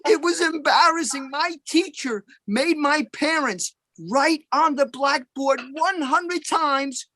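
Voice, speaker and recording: A man telling deadpan stand-up one-liners over a video call at an open mic. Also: very high-pitched, slow pace, hardly any pauses, no echo.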